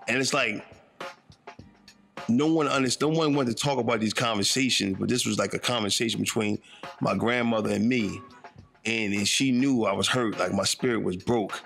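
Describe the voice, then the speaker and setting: In this clip, a northern New Jersey man in his fifties recounts his life story, thoughtful and casual, full of street slang and repeated "you know what I'm saying." His voice is fairly low and fairly bright with some vocal fry, his tone steady and his speed normal, with faint music in the background.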